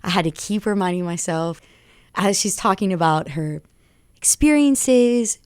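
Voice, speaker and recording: A young adult woman rapper talking as a radio guest, recounting stories in an excitable, tumbling way. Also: fairly low pitch, moderate pace, dry recording, clean studio sound. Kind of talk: animated storytelling interview. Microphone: studio radio mic.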